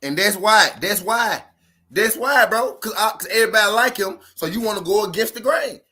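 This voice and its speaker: Bright, high-voiced sports talker. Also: male voice, moderate pace. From Memphis, Tennessee. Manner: profane, repetitive, argumentative. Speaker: sports talk host. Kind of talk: casual sports talk.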